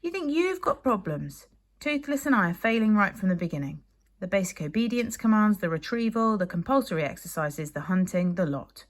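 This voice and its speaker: A woman's voice: mid-range voice, big pitch swings, brisk, voice pushed up, natural voice. A woman doing a harried young Viking boy. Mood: glum. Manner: exasperated, pleading.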